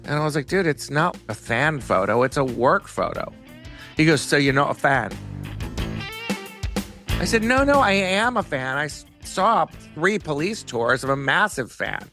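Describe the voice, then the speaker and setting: A man's voice: fairly high pitch, normal speed, over music. A middle-aged man telling a profane story on a podcast, acting out each person's lines with animation. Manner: animated, profane, acts out the dialogue. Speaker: guest storyteller. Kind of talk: anecdote told for a podcast.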